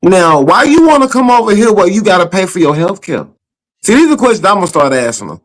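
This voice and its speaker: A Black man co-hosting a casual podcast chat, animated and emphatic. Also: high voice, fast, poor audio. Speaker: co-host.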